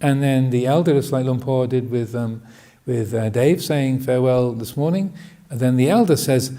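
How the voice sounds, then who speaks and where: A man giving a Buddhist dharma talk, hesitant and full of restarts, often laughing gently. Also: mid-range voice, moderate pace, hardly any pauses. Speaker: Buddhist monk teaching.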